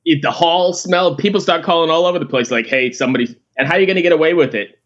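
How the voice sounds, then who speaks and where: A male podcast host talks casually in a somewhat high voice, chuckling as he trades stories. His audio sounds dull and muffled, like a low-fidelity recording. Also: quick pace, fairly bright tone. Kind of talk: casual interview chat.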